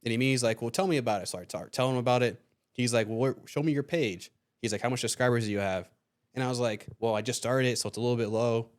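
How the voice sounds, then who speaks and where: A young man talks fast as he hosts a podcast, spinning a personal story in loose, casual chat. He curses freely and slips into the voices of the people he quotes, at a middling pitch. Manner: fast, animated, swearing freely, acting out quotes. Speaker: podcast host.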